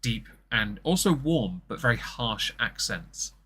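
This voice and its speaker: A man's voice: mid-range voice, big pitch swings, unhurried, sharp tone, slight background noise. A man from southern England with a posh southern English accent, co-hosting a casual political commentary chat, wry and chatty with a slight stammer now and then. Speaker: podcast co-host.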